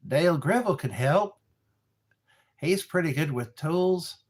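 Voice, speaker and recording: Male streamer, slightly high, husky, unhurried rambling chat to viewers. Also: lively intonation. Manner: slow, meandering, talks to viewers. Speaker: livestream host. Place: dark room lit by a candle.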